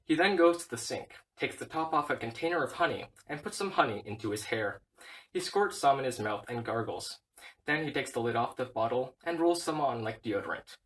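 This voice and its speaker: A man reading a whole film script aloud, stage directions included, in a flat, steady way. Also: medium pitch, brisk, far from the mic, low-quality recording. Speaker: reader.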